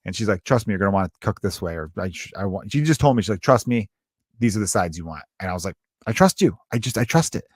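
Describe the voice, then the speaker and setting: A man's voice: low-pitched, fast, breathy edge. A man hosting a podcast, telling rambling stories in a casual comedic monologue with plenty of swearing. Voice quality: rambling, profane, animated storytelling. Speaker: podcast host.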